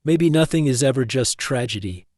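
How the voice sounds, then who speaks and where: A reflective grieving woman speaks quietly and thoughtfully in a storybook reading, as a man reads her lines. The voice stays a medium-pitched male one with a dry, close sound. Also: animated, normal speed, no room sound, natural voice.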